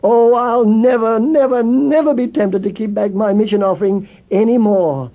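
A man's voice: sits high, moderate pace, breathy edge, pitched above the performer's own voice. A man voicing an eager young boy in a storybook tale, in a raised, earnest voice. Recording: tinny phone-like with faint music.

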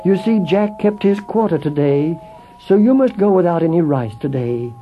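A man reading a sorrowful missionary, slow and apologetic, in a high-pitched voice. Tinny phone-like sound, faint music. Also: animated, natural voice.

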